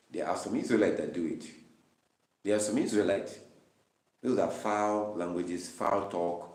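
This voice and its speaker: Low-pitched and unhurried, with a darkish tone, a man reads Bible verses aloud and unpacks them by repeating phrases with emphasis. A distant microphone gives the study session a roomy sound.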